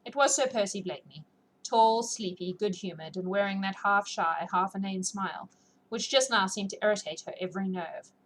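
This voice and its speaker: Reading a classic novel aloud before drifting into easygoing chat with her listeners, this audiobook reader and streamer has a medium-pitched voice at normal speed. Hours of reading have left it sore and a little scratchy, and faint noise sits in the background.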